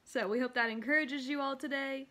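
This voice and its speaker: A woman's voice: high-pitched, fairly even intonation, a little fast, sharp tone. A woman co-hosting a Christian talk show, affirming her partner and speaking a blessing. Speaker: co-host of a faith talk show. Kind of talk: conversational Christian encouragement.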